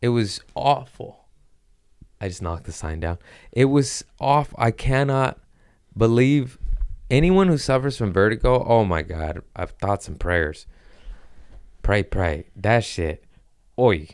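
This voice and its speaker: Comedian host, deep smooth male voice, profane storyteller, dry close mic. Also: animated, slow pace, dry recording. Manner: profane storytelling with acted-out quotes. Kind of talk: casual podcast chat.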